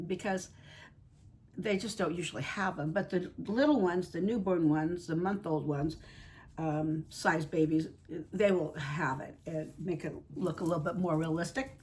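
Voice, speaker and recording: A woman's voice: on the low side, darkish tone. A woman chatting casually while painting reborn dolls at her home craft table, rambling and fond. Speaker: reborn doll artist and channel host.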